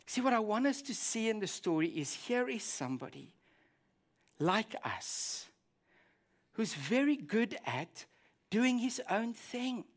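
Animated man preaching a sermon. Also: high-pitched, takes it slowly. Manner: animated storytelling, acts out quoted prayers. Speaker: pastor.

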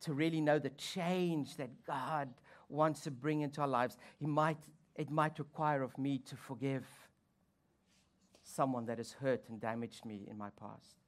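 A pastor giving a sermon with playful asides and wry humor. The delivery swings from loud, high emphasis to low, quiet reflection. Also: steady tone, measured pace.

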